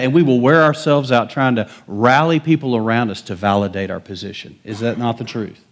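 A man's voice: medium pitch, a little fast, hardly any pauses. A middle-aged man, a pastor, delivering a folksy sermon full of stories, often chuckling and acting out the people he quotes. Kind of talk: sermon with storytelling.

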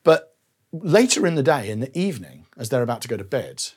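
A man's voice: medium pitch, big pitch swings, brisk, breathy edge. A man in his forties preaching a conversational sermon, telling personal stories with self-deprecating asides.

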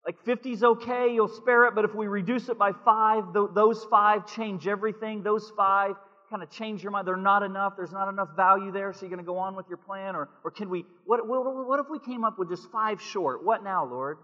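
An earnest old patriarch pleads and presses his case, as a preacher acts him out with a raised, bright and forceful voice. He sounds dull and lo-fi, echoing through a long hall. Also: high-pitched, normal speed, hardly any pauses, voice pushed up. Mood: urgent.

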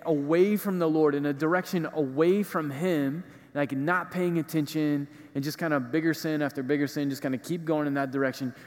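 This preacher's voice is slightly high and somewhat mellow. He gives a relaxed, conversational homily in a church, dropping in casual fillers as he explains, and the recording carries the echo of a reverberant hall.

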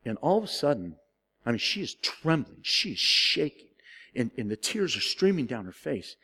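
A man preaching a sermon, telling a story with big swings from loud, high excitement to quiet, low solemnity. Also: moderate pace, husky, big-room sound. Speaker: pastor.

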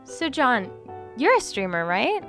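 A woman's voice: a little high, sing-song, measured pace, a bit bright, soft background music. A woman in a casual chat, cracking blunt, crude jokes and backpedalling when teased.

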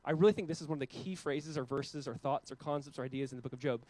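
Earnest pastor preaching, swinging loud to soft. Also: male voice, mid-range voice, dry recording, low-quality recording. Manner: earnest, rising to loud emphatic peaks and dropping to quiet, slow lines. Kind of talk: sermon.

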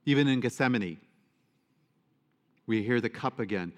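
A man's voice: mid-range voice, normal speed. Priest guy giving a homily, chatty with lots of uhs, mid voice, long echo in a church. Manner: conversational, with fillers and asides to the congregation.

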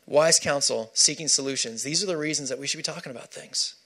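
A man's voice: on the high side, fast, fairly bright tone. A man preaching a sermon, emphatic and repeating key phrases for stress.

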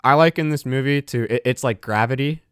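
A man's voice: mid-range voice, brisk, clean tone, dry recording, clean studio sound. A young man co-hosting a casual movie podcast, chatting and joking in a laid-back way. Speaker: podcast co-host. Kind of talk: casual chat.

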